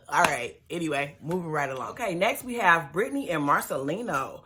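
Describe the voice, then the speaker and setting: A woman's voice: on the low side, sing-song, fairly quick, hardly any pauses, pushed and bright. A woman giving a sassy, chatty recap of a reality show, with slangy asides to her viewers. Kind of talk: casual TV episode recap.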